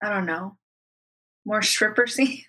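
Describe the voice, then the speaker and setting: A woman's voice: mid-range voice, measured pace, sharp tone, breathy edge, low-quality recording. A young woman co-hosting a podcast in casual chat, laid-back, laughing and swearing casually. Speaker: podcast co-host.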